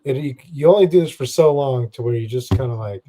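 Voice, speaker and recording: A man's voice: medium pitch, animated, fast, mellow, slight background noise. A man in his forties chatting casually and easily, with many fillers. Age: 40s. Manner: easygoing, filler-heavy talk. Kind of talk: casual chat.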